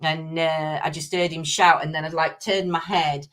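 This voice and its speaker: Lady rambling on a morning livestream, lots of ums, lowish but bright voice. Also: level tone, moderate pace. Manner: rambling, many ums and restarts, reads chat aloud. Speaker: livestream host. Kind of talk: casual live-stream chat.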